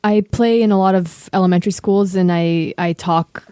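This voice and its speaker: A woman's voice: lowish voice, moderate pace, dark tone, clear, resonant tone, no room sound. A woman musician answering interview questions in a studio, thoughtful and hesitant with frequent ums. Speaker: guest musician.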